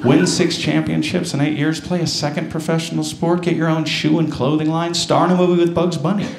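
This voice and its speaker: A man's voice: a little high, steady tone, fairly quick, vocal fry. A man doing a sarcastic, incredulous stand-up routine on a comedy stage. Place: comedy stage before a live audience. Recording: echoey room with audience noise.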